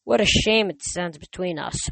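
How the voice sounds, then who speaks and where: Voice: mid-range voice, moderate pace, creaky, a bit bright, dry recording, poor audio. A reader voicing a cruel, mocking female demon cheerleader who is centuries old, with a taunting, sneering delivery, in a dry recording. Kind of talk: audiobook reading.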